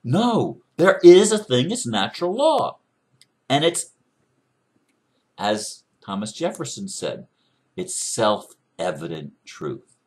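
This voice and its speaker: A man's voice: medium pitch, very animated, takes it slowly, pauses often, a little mellow. A man giving an impassioned commentary monologue, emphatic and preachy, driving his points home with rhetorical questions. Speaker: commentator responding to another speaker.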